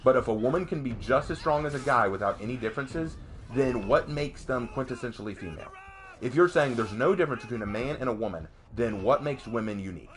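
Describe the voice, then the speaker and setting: A man's voice: mid-range voice, fairly bright tone. A man streaming a game and commenting casually, ranting emphatically with frequent restarts.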